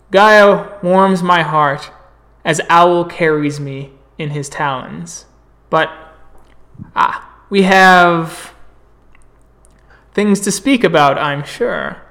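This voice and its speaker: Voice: medium pitch, fairly bright tone. A tabletop game storyteller voicing a well-travelled male envoy, speaking formally to a gathering. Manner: formal, welcoming speech. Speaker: non-player character.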